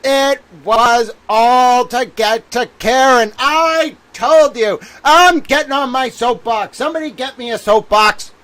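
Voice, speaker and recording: A man with a high-pitched voice hosts a solo livestream, ranting in a theatrical, exasperated way. He swears freely and says the same thing over and over. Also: a little slow, hardly any pauses, fairly bright tone, dry recording. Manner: exasperated, theatrical, swears often, repeats himself. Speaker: livestream legal commentator.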